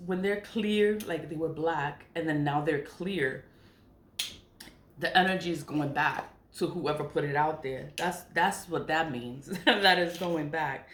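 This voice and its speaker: A middle-aged woman talking casually to her camera, blunt and profane, laughing often. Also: deep voice. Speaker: spiritual vlogger. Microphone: camera mic. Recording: echoey room with faint noise.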